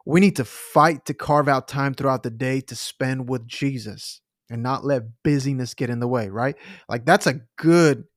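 A man's voice: mid-range voice, normal speed, no echo. Earnest man preaching, dry close sound. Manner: earnest, emphatic, pace shifts. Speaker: pastor. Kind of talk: sermon-style podcast teaching.

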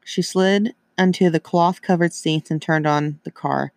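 A man narrating a story in a steady, even reading voice. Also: a little high, measured pace, creaky, no echo.

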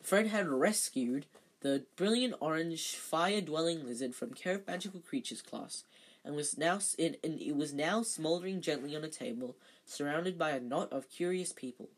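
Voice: mid-range voice, lively intonation, normal speed. An amateur reader casually reading a novel aloud, stumbling and correcting themself now and then. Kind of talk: casual read-aloud narration with slips and self-corrections.

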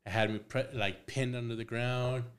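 A man's voice: mid-range voice, fairly even intonation, moderate pace. A young man, a tattoo artist, telling stories on a podcast in a laid-back way, swearing a lot and acting out quotes. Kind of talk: casual storytelling chat.

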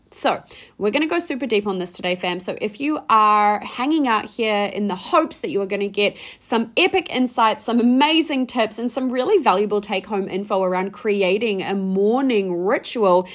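A young woman hosting her own coaching podcast, talking fast and excitedly in slangy, casual language with some swearing. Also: mid-range voice. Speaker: podcast host and mindset coach. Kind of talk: energetic podcast monologue.

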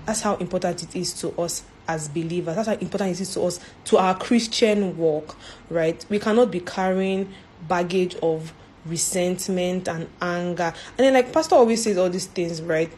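A woman's voice: fairly low pitch, a little mellow, a little hiss or hum. A woman giving an informal faith talk as a church speaker, earnest, repeating herself and ending points with "right?".

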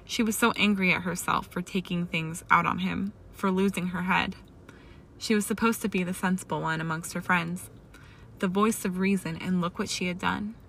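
A woman's voice: fairly low pitch, steady tone, normal speed, vocal fry, a bit bright, a little hiss or hum. A woman reading a story aloud as narrator, with occasional slips and restarts. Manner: reads dialogue with raised emotion, small slips and restarts. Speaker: fan fiction reader. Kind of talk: audiobook-style story narration.

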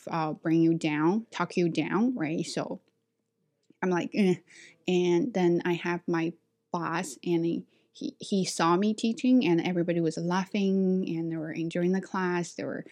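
A woman with a Chinese accent hosts a casual solo podcast, speaking frankly and with plenty of energy. Her voice sits a little on the low side, and she often breaks into a laugh mid-thought. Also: darkish tone. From China. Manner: candid, outspoken, laughs while telling stories. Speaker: podcast host, ESL teacher.

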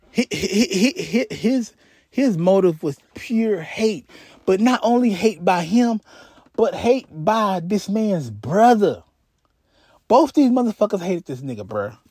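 A man's voice: sits high, darkish tone, husky, dry recording. A man hosting a podcast who tells a crime story in a casual way, profane and slangy, often stalling and repeating himself. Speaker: podcast host.

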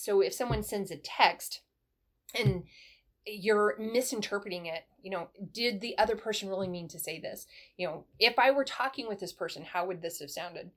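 Appearing as an interview guest, this middle-aged former military first sergeant offers conversational advice in a medium-pitched voice at normal speed. She tells her stories with animation, switching to a brighter voice to act out dialogue.

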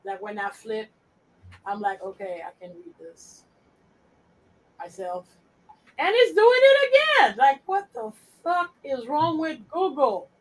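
A woman's voice: mid-range voice, takes it slowly, breathy edge, rough recording. A woman co-hosting a podcast in casual chat, blunt and profane, muttering to herself as she sorts files. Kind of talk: casual chat while sorting files on screen.

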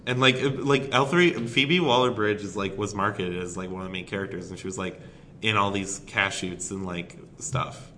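Bright-toned man making dry asides. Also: deep voice, normal speed, slight background noise. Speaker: podcast co-host. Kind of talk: casual chat.

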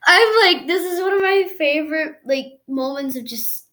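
A woman chatting casually about a movie, giggly and excitable, acting out lines in silly voices. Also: high voice, moderate pace, echoey room. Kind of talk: casual movie recap chat.

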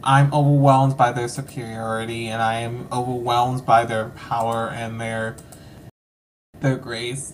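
A woman's voice: extremely low pitch, little pitch movement, a little slow, slight background noise. A woman hosting a podcast, wrapping up an episode in a rambling, playful way with lots of fillers. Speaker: podcast host. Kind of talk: casual sign-off chat.

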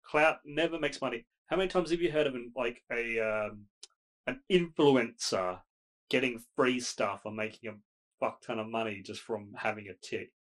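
A man chatting casually on a podcast, with a middle-pitched everyday voice. He rambles along, stacking fillers and restarting his sentences as he works toward his point. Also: normal speed, a bit bright, low-quality recording. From Australia. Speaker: podcast co-host. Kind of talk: casual chat.

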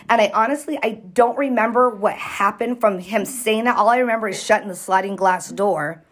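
Brief: woman, casual storyteller, animated and profane, acts out every quote. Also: medium pitch, fairly quick, hardly any pauses. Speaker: storyteller recounting a fight. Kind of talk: casual group chat.

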